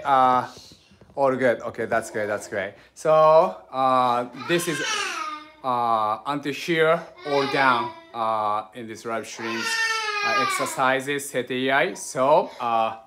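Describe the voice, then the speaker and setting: A man with a Japanese accent leads a livestreamed sword lesson from home. He talks haltingly, with many fillers, coaching and reassuring his students. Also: medium pitch, heavy background noise. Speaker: sword instructor.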